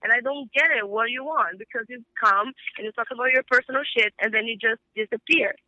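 A woman's voice: a little high, fast, no room sound. Heated woman on a phone line. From Brazil. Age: 20s. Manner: heated, swearing storyteller who acts out quoted dialogue. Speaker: caller. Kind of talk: casual phone call. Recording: bright thin phone line.

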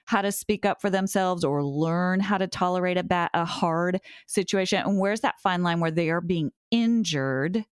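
Woman, middle-aged, therapist guest, low-pitched, thoughtful, restarts often, dry close mic. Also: normal speed, hardly any pauses, clear, resonant tone, no echo. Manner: thoughtful, frequent restarts and fillers. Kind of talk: conversational podcast interview.

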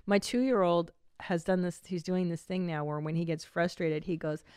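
A woman and comedian hosting a podcast in casual chat, reacting quickly, laughing often and swearing bluntly. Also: fairly low pitch, fairly even intonation, darkish tone, clear, resonant tone, no echo, studio quality.

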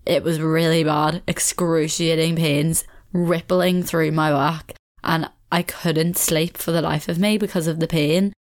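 Young Belfast woman, solo podcast host, lower voice, rambling and chatty. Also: fairly even intonation, a little slow. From Northern Ireland. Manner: chatty, rambling, laughs often, swears casually. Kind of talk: casual solo podcast chat.

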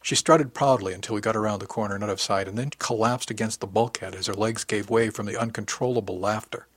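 A man's voice: on the low side, fairly even intonation, fast talker, a bit bright, dry recording. A man reading a first-person audiobook in a wry, intimate storytelling manner. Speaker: audiobook narrator.

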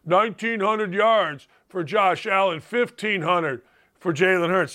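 A man's voice: a little slow, sharp tone. A man hosting a sports talk show, delivering an opinionated, argumentative monologue and mocking his critics. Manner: emphatic, argumentative, mock-quotes critics in a higher voice. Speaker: sports radio host.

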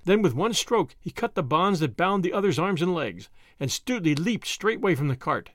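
A man reading an old adventure story aloud in an expressive, lilting way. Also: high-pitched, moderate pace, no room sound. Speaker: audiobook reader. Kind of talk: storybook narration. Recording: dry close recording.

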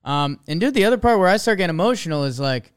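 Young male sports-show host, clear smooth voice, chatty and excitable. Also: sits high, quick pace. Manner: excitable, rambling, jokey. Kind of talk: casual sports chat.

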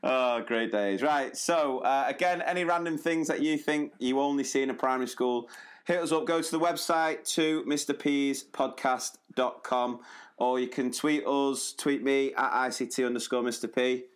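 Male co-host, easygoing, mid-pitched, plugs the show. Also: moderate pace, clear, resonant tone. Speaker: podcast co-host, teacher. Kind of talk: casual chat.

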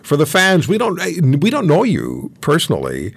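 A man in his seventies, hosting an interview and telling stories in a chatty, animated way. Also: a little high, normal speed, creaky, husky, no echo. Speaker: host. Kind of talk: casual interview chat.

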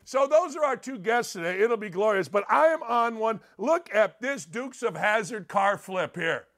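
A middle-aged man hosts a sports talk show with a high, reedy voice. He rambles and jokes, jumping between loud outbursts and low muttered asides. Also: expressive, moderate pace. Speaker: sports radio host. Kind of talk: energetic sports talk monologue.

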